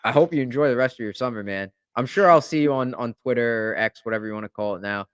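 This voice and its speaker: A man hosting a podcast, talking in a rambling, animated way with lots of fillers. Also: medium pitch, quick pace, clear, resonant tone, no room sound, studio quality. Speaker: podcast host. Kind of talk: casual chat.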